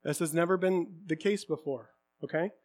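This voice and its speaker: A man preaching a sermon to his congregation, swinging from quiet, candid talk to impassioned shouting. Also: fairly high pitch, moderate pace. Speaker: pastor.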